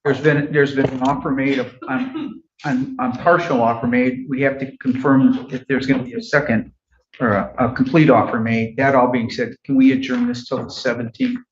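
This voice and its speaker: A man speaking as a defense attorney in court, halting and hesitant. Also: mid-range voice, fairly even intonation. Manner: halting, hesitant, with many restarts. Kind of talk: courtroom proceedings. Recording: dull, echoey courtroom audio with faint noise.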